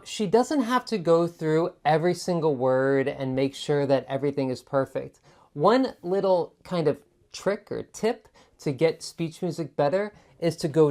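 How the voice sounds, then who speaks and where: Low-voiced woman coaching speaking skills. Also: darkish tone. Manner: chatty, demonstrates intonation by repeating words. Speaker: TOEFL tutor. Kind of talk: explaining student sample answers.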